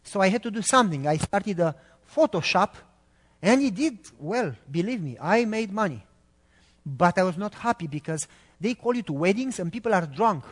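A man from Romania, preaching a sermon in an animated, emphatic way. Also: sits high, normal speed, big-room sound.

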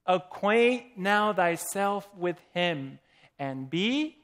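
A man's voice: high-pitched, slow, fairly bright tone. A man preaching a sermon, asking the congregation questions and reading quotations aloud.

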